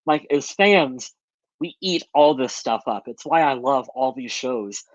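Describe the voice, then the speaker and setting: A man's voice: medium pitch, lively intonation, a little slow, no echo, dull audio. A man co-hosting a sports podcast, talking earnestly and reflectively in casual chat. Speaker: podcast co-host.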